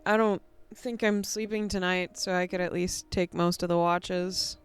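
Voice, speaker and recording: A young woman in a tabletop game session, speaking softly in character and narrating her character's actions. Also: lowish voice, steady tone, clear, resonant tone, faint music behind. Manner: slow, soft, storytelling. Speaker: player. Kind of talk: in-character tabletop play and storytelling.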